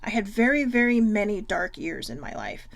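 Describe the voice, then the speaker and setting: A woman's voice: medium pitch, very animated, moderate pace, vocal fry. A woman hosting a casual self-love livestream, chatty and frank, swearing freely. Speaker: host.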